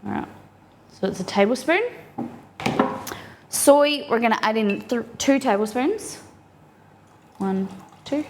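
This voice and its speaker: A woman's voice: fairly high pitch, slow pace, pauses often, darkish tone, a little hiss or hum. A woman, chatting upbeat to her viewers while she cooks in her home kitchen. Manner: chatty, upbeat, reacts to chat while cooking. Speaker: cooking streamer. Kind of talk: live cooking stream chat.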